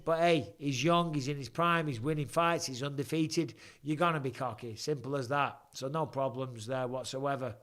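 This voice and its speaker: A man's voice: on the high side, a bit bright. A man, chatting bluntly and swearing as he reads viewer questions on a live stream. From England. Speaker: livestream host watching fights.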